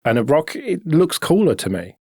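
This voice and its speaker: A man on a podcast, talking in a relaxed, matter-of-fact way in casual chat. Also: on the high side, normal speed, husky, dry recording, studio quality. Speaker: podcast host.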